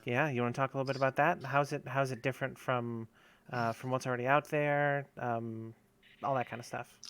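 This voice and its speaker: A man hosts a podcast and asks his questions casually, rambling through many fillers before he gets to the point. His voice sits at an everyday middle pitch. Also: level tone, a little fast, a bit bright, smooth. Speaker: podcast host.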